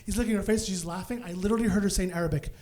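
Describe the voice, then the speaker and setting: A man performing stand-up comedy on stage in front of a live audience, telling a story in an animated way and acting out the people in it. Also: sits high, rapid-fire, heavy background noise. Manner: animated, acts out voices, bursts into shouts.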